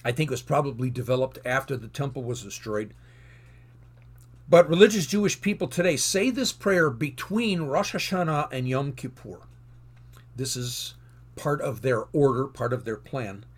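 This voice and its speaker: Earnest husky-voiced man teaching scripture. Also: mid-range voice, normal speed. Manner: earnest, reads scripture aloud with rising emphasis. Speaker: Bible teacher. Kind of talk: teaching sermon.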